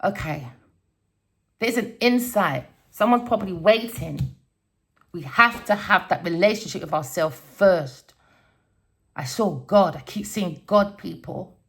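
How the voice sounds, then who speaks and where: Gravelly, fervent woman preaching. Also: medium pitch, animated, a little slow. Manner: preachy, swears and shouts warnings. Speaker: tarot reader. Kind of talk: spiritual monologue vlog.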